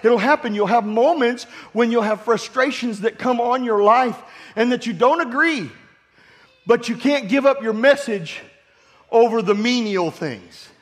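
Guy pastor preaching, high voice, asks the crowd to say amen, jokes about his kids, echoey church hall. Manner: call-and-response preaching with humorous family stories. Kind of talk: sermon. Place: church sanctuary. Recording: long hall reverb.

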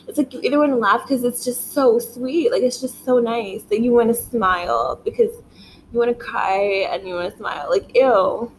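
A young woman with a mid-range voice vlogs casually from her living room, rambling to the camera. She swears often and says "like" in every phrase, and a little hiss or hum sits under the recording.

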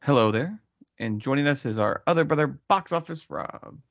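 A man co-hosting a casual movie podcast, giving wry, deadpan short replies. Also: on the high side, normal speed, creaky, no echo, lo-fi sound. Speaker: podcast co-host.

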